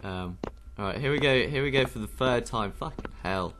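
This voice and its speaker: A man's voice: mid-range voice, lively intonation, moderate pace. A young man playing a horror game with a friend, jumpy and shrieking when startled. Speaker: gaming channel host. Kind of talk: scared let's play commentary. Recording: loud background noise.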